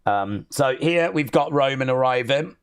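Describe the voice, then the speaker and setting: A man's voice: mid-range voice, expressive, unhurried, smooth. A man hosting a wrestling watch-along stream, chatting casually, rambling and reading out viewer comments. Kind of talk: casual live-stream chat.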